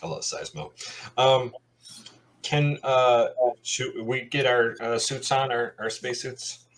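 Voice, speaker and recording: A man's voice: mid-range voice, little pitch movement, takes it slowly, a bit bright, a little hiss or hum. A man playing a tabletop role-playing game, tossing in wry joking asides. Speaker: player.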